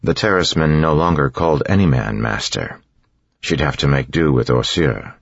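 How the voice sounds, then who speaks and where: A man reading a novel aloud as an audiobook narrator, in a steady, even way, with a dull, dry studio sound. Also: rumbling low, moderate pace, creaky, husky, no echo. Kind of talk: scripted narration.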